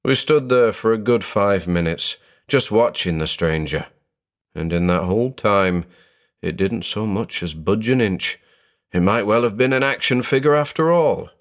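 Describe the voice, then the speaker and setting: A deep, low-voiced young Englishman reads a first-person horror story. His delivery is measured and suspenseful, and it builds dread in the quiet passages. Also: animated. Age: young adult. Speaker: narrator. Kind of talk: scripted horror narration.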